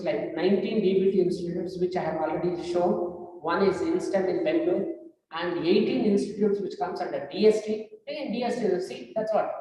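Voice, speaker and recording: Indian-accented woman, low mellow voice, frank seminar speaker, echoey hall mic far off. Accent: Indian English. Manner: frank, advisory, many filler pauses. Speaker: guest speaker at career seminar. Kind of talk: lecture to students.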